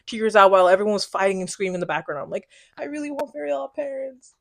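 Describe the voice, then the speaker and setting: A young woman co-hosting a podcast in casual chat, animated and laughing often, breaking into high squeals when excited. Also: quick pace, vocal fry. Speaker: podcast co-host.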